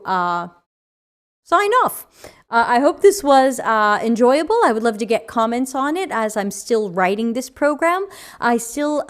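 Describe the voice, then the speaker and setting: A woman with a New York accent hosting a livestream, chatting casually and reading viewer comments aloud with frequent fillers. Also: fairly high pitch. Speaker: podcast host.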